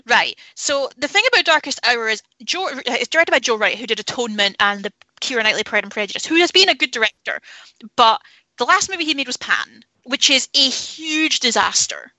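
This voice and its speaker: A woman's voice: a little high, lively intonation, a little fast, sharp tone, no room sound, low-quality recording. A woman talking candidly about films in a casual podcast chat, opinionated and swearing freely. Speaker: film podcast panelist.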